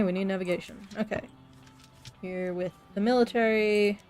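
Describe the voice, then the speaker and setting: A woman's voice: medium pitch, steady tone, fairly quick, soft background music. A young woman streaming a video game, chatting to herself and giggling as she plays. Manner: giggly, talks to herself while playing. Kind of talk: casual let's play commentary. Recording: faint background noise.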